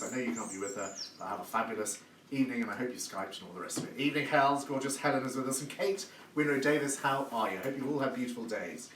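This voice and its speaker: Gushing man hosting a live cooking show, echoey and distant. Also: medium pitch. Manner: chatty and effusive, gushing praise words. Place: home kitchen. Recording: echoey room, distant mic, background noise.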